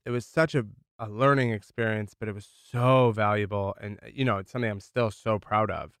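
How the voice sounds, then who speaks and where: Chatty guy from michigan telling his startup story, smooth clear voice, says "like" a lot. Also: mid-range voice, a bit bright, no room sound, clean studio sound. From Michigan, USA. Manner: candid, chatty, peppered with "like". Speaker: entrepreneur guest. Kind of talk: casual storytelling.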